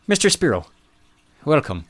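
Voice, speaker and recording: A man's voice: a little high, big pitch swings, normal speed, voice pushed up. A man voicing an arrogant teenage boy genius who speaks in a precise, haughty way. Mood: cool, haughty.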